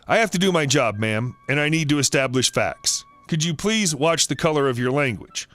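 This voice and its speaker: A man voicing a polite, measured male restaurant manager who stays firm. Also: fairly high pitch, animated, a bit bright, dry recording.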